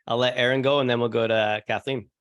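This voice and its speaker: A man's voice: medium pitch, fairly even intonation, fast, a bit bright, smooth. A man hosting a group video call, thanking a speaker and passing the turn to the next. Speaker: host of the call. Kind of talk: casual chat.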